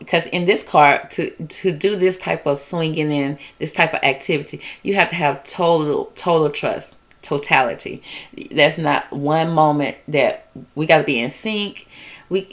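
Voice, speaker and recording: A woman giving a casual tarot reading, talking in a loose, emotive, repetitive way with features. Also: low voice. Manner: conversational, repetitive, emotive, drawn-out phrasing. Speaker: tarot reader.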